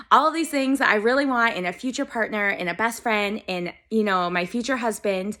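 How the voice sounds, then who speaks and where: A woman's voice: medium pitch, fairly quick, a bit bright. A woman in her twenties talking earnestly and a little teary-eyed in a casual self-love vlog, gushing and talking to herself as if in a mirror. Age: 20s. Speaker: vlogger.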